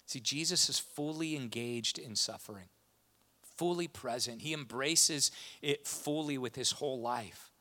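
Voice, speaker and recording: A man's voice: medium pitch, unhurried. A man preaching a sermon with impassioned delivery. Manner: impassioned, rising to animated retellings. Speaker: pastor.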